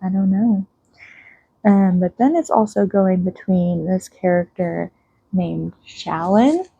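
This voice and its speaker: A woman's voice: mid-range voice, slow, gravelly, mellow, husky, dry recording, dull audio. A young woman chatting casually as a book vlogger at home, rambling with lots of fillers and restarts. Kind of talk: casual chat while reading and painting nails.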